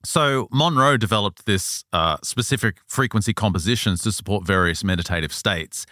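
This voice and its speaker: A man with a fairly low voice, recorded close and dry on a studio mic. He talks in a relaxed, chatty way, retelling a story for a podcast and now and then putting on the voices of the people in it. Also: normal speed, no room sound. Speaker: podcast host. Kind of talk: casual storytelling chat.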